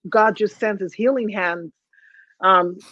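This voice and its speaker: A woman hosts a live call-in talk show, emotional and hesitant, stumbling through restarts. Her voice sits in a middle pitch. The stream audio is dull, lo-fi and dry. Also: takes it slowly, no room sound.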